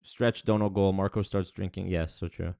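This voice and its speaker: Rambling young male streamer, lowish voice. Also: moderate pace, creaky, no room sound, clean studio sound. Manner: rambling, animated, with many fillers and restarts. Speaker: streamer reading chat. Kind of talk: casual livestream chat.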